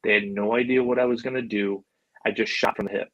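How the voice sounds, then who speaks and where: A middle-aged Buffalo, New York animal handler, guesting on a podcast, rambles through casual stories full of "like," "you know," and free swearing. He talks fast in a steady tone, his fairly low voice a bit bright. The recording is dry and close with almost no room sound, and the highs are cut off.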